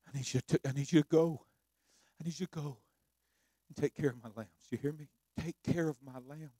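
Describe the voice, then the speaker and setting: A man preaching who voices Jesus as a calm, patient figure, speaking softly and slowly. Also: a little high, breathy edge, dry recording, clean studio sound, pitched below the performer's own voice. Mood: gentle. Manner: hushed, slow, soft-spoken. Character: gentle risen Jesus, calm, tender, patient. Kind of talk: sermon role-play.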